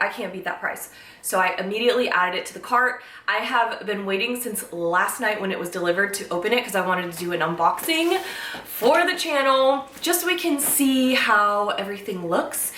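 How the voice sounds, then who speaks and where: Young female vlogger, bright higher voice, gushing unboxing chat, mic at a distance in an echoey room. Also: slight background noise. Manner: gushing, excitable, emotional. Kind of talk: casual unboxing vlog.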